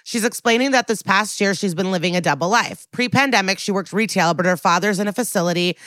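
Woman podcast cohost, bright forceful voice, dry close sound, chatty recap with bits of acting. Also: mid-range voice, fast talker, no room sound. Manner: lively, acts out the characters' lines while recapping. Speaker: podcast co-host. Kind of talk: casual TV episode recap.

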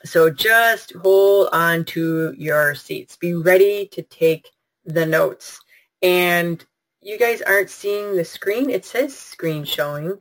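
A woman's voice: lowish voice, takes it slowly, low-quality recording. A woman hosting a live online product webinar, talking in a bubbly, gushing, chatty way and answering her viewers' comments. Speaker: webinar host.

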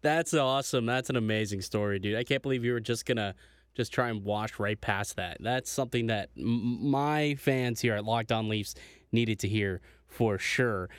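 A man's voice: fairly low pitch, normal speed, no room sound. A male podcast host, eager and easy to laugh, who asks his guest questions in casual chat. His voice sounds close and dry.

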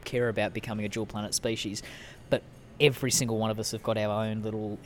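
A man's voice: lowish voice, level tone, quick pace, slight background noise. A man co-hosting a podcast and speaking at an event, earnest and chatty. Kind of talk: casual chat.

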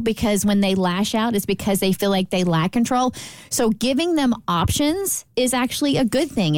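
A woman's voice: mid-range voice, darkish tone, no echo. A woman co-hosting a talk radio show, explaining her views earnestly and firmly. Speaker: radio co-host. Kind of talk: casual talk radio discussion.

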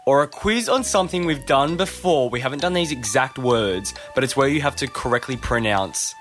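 Man, radio host, mid-pitched, teasing quizmaster, faint music under him. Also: animated, a bit bright. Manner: teasing quizmaster, brisk links. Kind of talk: breakfast radio banter.

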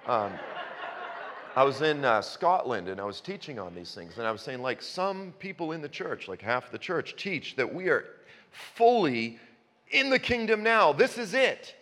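His mid-range, slightly bright voice is very animated as he delivers a sermon at normal speed, moving from a conversational tone to passionate emphasis. The church hall gives the sound a long reverb.

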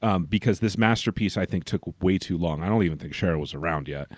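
A man's voice: low-pitched, fast, no echo. A man co-hosting a podcast, chatting casually and recapping with a dry, joking edge. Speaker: podcast co-host. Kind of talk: casual chat.

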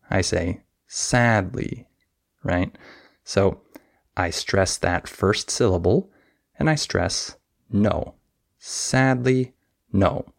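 A man's voice: low voice, gravelly. A man teaching English pronunciation on a podcast, explaining patiently and sounding out example words with exaggerated stress. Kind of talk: podcast lesson.

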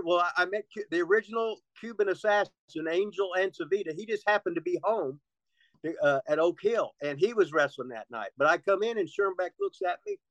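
A man's voice: high voice, no echo, dull audio. A man telling rambling, profane stories as a guest in a casual interview, laughing often.

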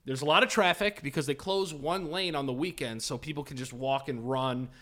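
A man hosting a podcast, casually telling a profane, animated story and laughing at his own telling. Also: on the high side, brisk. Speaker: podcast host.

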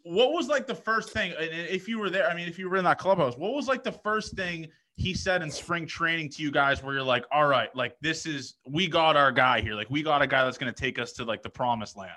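Bright-voiced man asking eager questions. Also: a little high, brisk, few pauses. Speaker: podcast host. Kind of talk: casual interview chat.

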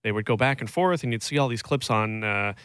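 A man's voice: lowish voice, brisk, fairly bright tone, smooth, dry recording. A man hosting a sports radio show, chatting casually with many fillers and asides. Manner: rambling, filler-heavy, jokey.

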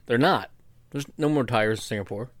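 A man co-hosting a casual chat, animated and laughing often. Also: medium pitch, moderate pace, no room sound, clean studio sound.

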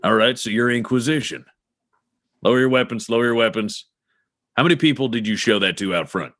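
A man voicing a gruff, blunt male law-enforcement chief who gives curt, profane orders. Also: mid-range voice, a little fast, a bit bright, no echo, studio quality, close to an everyday voice.

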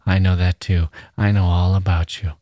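A low, menacing drawl from a smooth-talking stalker who coaxes with easy slang, read aloud by a man. The voice sits deep and flat, and the recording is close and dry with no room sound. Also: moderate pace, no room sound, close to an everyday voice. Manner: coaxing, drawling, casual slang.

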